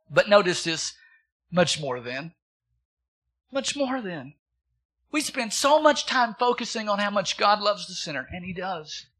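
A man's voice: high voice, sharp tone, husky. A man in his thirties preaching a sermon, asking the congregation questions and repeating words for emphasis. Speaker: pastor.

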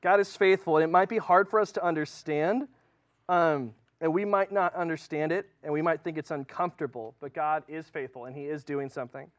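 A man gives a sermon like an informal talk with friends. His voice sits fairly high for a man. He often restarts his sentences and fills the gaps with um and like. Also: steady tone, a little fast. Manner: chatty and informal, lots of fillers and restarts. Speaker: preacher. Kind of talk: casual sermon.

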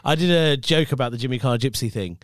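A man who is a comedian, chatting in a relaxed, agreeable way on a podcast. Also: mid-range voice, fast talker, no echo, studio quality. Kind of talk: casual podcast chat.

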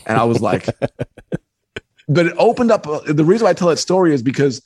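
A man, a book author and podcast guest, telling a personal story in a lively way. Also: a little high, moderate pace, slightly rough. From New York. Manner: lively, acts out voices in anecdotes. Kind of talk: animated storytelling.

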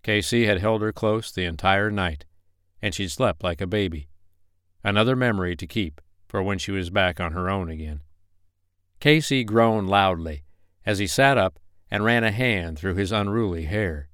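A man with a very low, smooth and resonant voice reads a romance novel aloud. The sound is close and dry, and his delivery is steady and even. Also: moderate pace, no echo. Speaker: audiobook narrator. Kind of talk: scripted narration.

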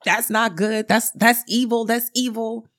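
A woman's voice: mid-range voice, a little slow, pitched above the performer's own voice, close to an everyday voice. A woman voicing an alarmed, devout older grandmother who exclaims, prays and scolds. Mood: scolding.

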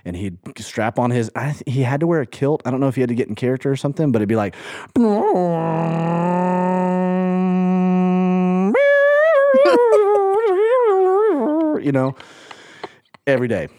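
A man's voice: mid-range voice, rapid-fire, dark tone. A young man from Birmingham, Alabama, co-hosting a podcast in casual chat, rambling and searching for words, laughing often. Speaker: podcast co-host.

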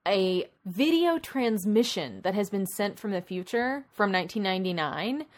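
A woman's voice: medium pitch, normal speed. Woman rambling through a movie plot. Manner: rambling, animated plot retelling with many asides. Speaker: podcast co-host. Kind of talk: casual chat.

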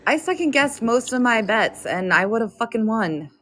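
A woman's voice: a little high, sing-song, moderate pace, fairly bright tone. A woman co-hosting a casual podcast, with wry, joking remarks. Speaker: co-host.

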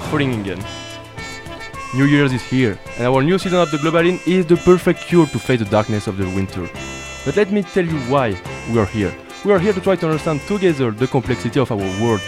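Man, French accent, radio host, playful and energetic, mid pitch, music underneath. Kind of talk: upbeat show opening.

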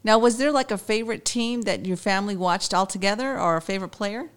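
A woman's voice: medium pitch, fast talker. A woman hosting a casual interview, upbeat and friendly in her questions. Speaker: radio host.

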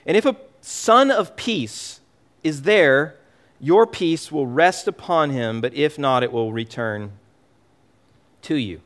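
A middle-aged man preaching a sermon as pastor, emphatic and animated, often repeating words as he goes. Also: on the high side, slow pace.

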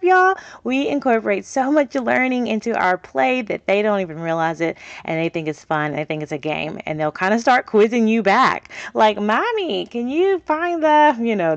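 Chatty woman, low voice, dry sound. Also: no room sound, muffled recording. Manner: chatty, upbeat, asks "okay?" often. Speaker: podcast host teaching parents early reading. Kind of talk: casual teaching talk to parents. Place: small home studio in a closet.

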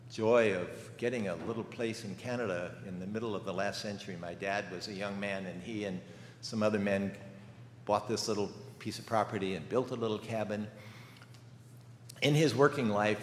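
A man's voice: on the low side, slight background noise. An older man giving a sermon as a guest preacher, telling stories in a conversational way with rhetorical questions. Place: church sanctuary. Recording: echoey church hall with faint ambience.

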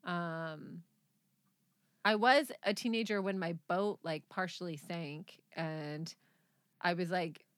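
A woman's voice: lowish voice, takes it slowly, no room sound, studio quality. A woman co-hosting a podcast in casual chat, a rambling storyteller who laughs often. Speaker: podcast co-host.

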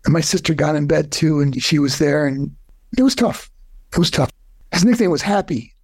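An older man, a podcast guest, telling a heartfelt personal story in an earnest way, his voice climbing high when he is moved. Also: moderate pace, breathy edge, no room sound.

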